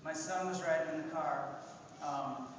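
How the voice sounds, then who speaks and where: A man's voice: on the high side, moderate pace, background noise. A man giving an impassioned public talk, preaching and firing rhetorical questions at the audience. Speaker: speaker at an event. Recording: echoey hall, distant mic.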